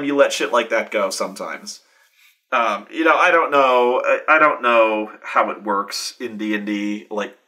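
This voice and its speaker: A man hosting a show, telling a long, animated, profane story with lots of restarts. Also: fairly low pitch. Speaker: show host. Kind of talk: casual storytelling.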